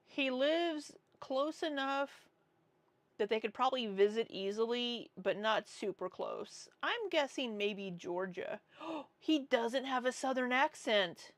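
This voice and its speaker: A woman riffs through a reaction livestream in an unhurried, drawn-out way. She is blunt and sarcastic, swearing without a second thought. Her voice sits a little high, and the sound is dry, with no room echo. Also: animated. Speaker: livestream commentary host. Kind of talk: casual reaction commentary.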